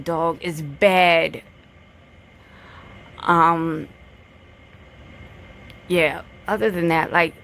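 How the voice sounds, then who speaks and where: A woman vlogger delivering a blunt, profane, confrontational rant, lecturing and repeating her points for emphasis. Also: fairly low pitch. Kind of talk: direct-to-camera rant.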